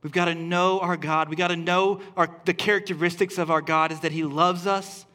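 High, bright-voiced man preaching a sermon. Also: steady tone, a little fast. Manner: earnest and repetitive, building emphasis with restarts. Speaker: pastor. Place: church service.

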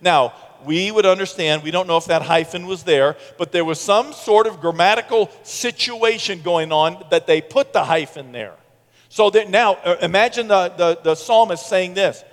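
Middle-aged pastor guy preaching, high voice, storytelling with lots of acted bits, long echo in the church. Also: normal speed. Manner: animated storytelling, acts out quotes. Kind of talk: sermon. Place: church sanctuary.

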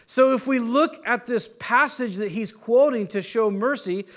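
A man's voice: very high voice, unhurried, a bit bright. A man preaching a sermon, teaching conversationally with rhetorical questions and restarts. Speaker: pastor.

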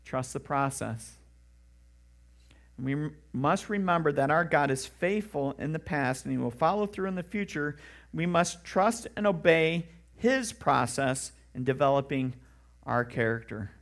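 A man's voice: a little high, lively intonation, moderate pace, fairly bright tone. A man, a pastor, preaching a sermon in an earnest, conversational way with emphatic rising questions.

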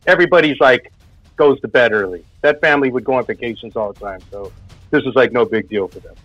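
A man tells a spooky personal story, rambling casually and using lots of filler words. His mid-range voice is fast with a fairly bright tone, and the recording is dry. The sound is dull and lo-fi, with faint music behind him.

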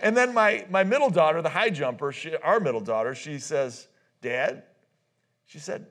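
A man's voice: on the high side, lively intonation, a bit bright. A middle-aged man speaking at a church marriage conference, telling personal stories in a loose, conversational sermon, often laughing at his own tales and restarting his sentences. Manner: loose, halting delivery with many restarts.

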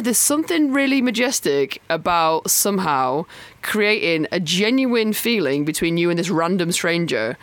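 A young woman with a Northern English accent hosts a relaxed podcast conversation. Her pitch sweeps up and down with lively swings, and the recording sounds close and dry. She laughs easily and often lets her sentences trail off. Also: no room sound. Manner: chatty, laughs often, trails off mid-thought. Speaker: podcast host. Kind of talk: casual chat.

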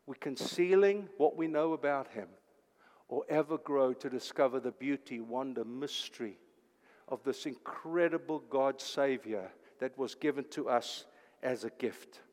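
An older man preaching a sermon, swinging between urgent loud declaring and hushed, quiet phrases. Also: medium pitch, measured pace, in a large hall. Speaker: pastor.

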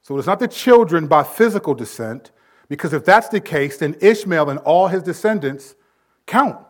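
A man preaching a sermon, his voice sitting a touch higher than most men's. He swells loud on key points, then falls quiet and low to drive them home. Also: lively intonation, normal speed. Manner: preaching with emphatic swells and drops in volume. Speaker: pastor.

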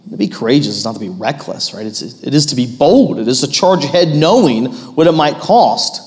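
A man in his thirties preaching a sermon as pastor, animated and rising to loud, emphatic peaks. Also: mid-range voice, a little fast, hardly any pauses, long reverb tail.

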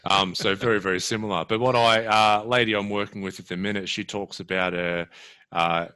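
A man's voice: fairly low pitch, fairly even intonation, brisk, sharp tone, clear, resonant tone. A man chatting casually in a reflective, thoughtful way about working with clients. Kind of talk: casual podcast conversation.

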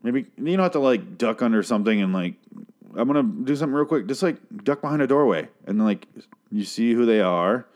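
A man recapping a TV episode in a casual, rambling way, swearing freely, and jumping into high-pitched impressions of the characters. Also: animated, fairly quick, darkish tone. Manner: rambling, profane, restarts a lot; mimics characters in a raised voice.

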